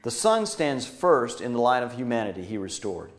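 Earnest male preacher, emphatic then hushed. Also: mid-range voice, very animated, moderate pace. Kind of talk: sermon.

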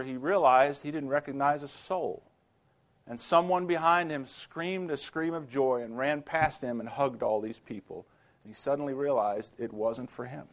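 A man preaching a sermon to students, telling stories and rising to emphatic exclamations. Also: medium pitch.

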